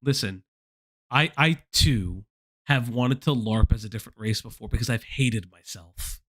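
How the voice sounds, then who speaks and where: A man's voice: mid-range voice, moderate pace. A man hosting a casual livestream chat, swearing often and restarting his sentences. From United States. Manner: animated, swears a lot, stammering restarts. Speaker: stream host.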